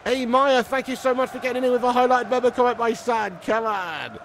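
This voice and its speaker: A man doing live commentary on his game stream, excitable, yelling at plays and chatting with viewers. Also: extremely high pitch, fairly quick, gravelly, slight background noise.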